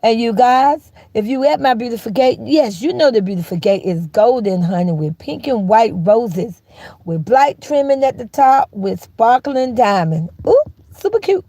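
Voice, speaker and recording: A sassy woman chats on her live stream in a fairly high voice, teasing her viewers and calling them baby and honey. She laughs often and jumps into squealing highs. The sound is close and dry, with no room around her. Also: normal speed, warm tone, dry recording. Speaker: host of a live gossip channel. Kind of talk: casual live-stream chat.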